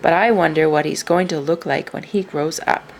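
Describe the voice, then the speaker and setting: A woman's voice: sits low, moderate pace, gravelly, a little hiss or hum. A woman voicing a fussy mother bird in a storybook, speaking in a doubtful, wondering manner.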